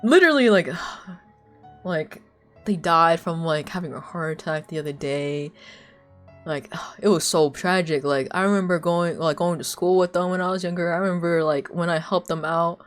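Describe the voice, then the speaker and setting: A young woman streamer with a fairly low voice and moderate pace, faint music playing behind her. She chats casually on a live stream, rambling through stories, laughing a lot and using plenty of filler words.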